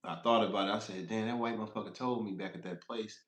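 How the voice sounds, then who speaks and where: A man's voice: lowish voice, steady tone, fast talker, fairly bright tone, echoey room. A man who drives trucks, telling a rambling, profane road story on a casual livestream, laughing as he goes.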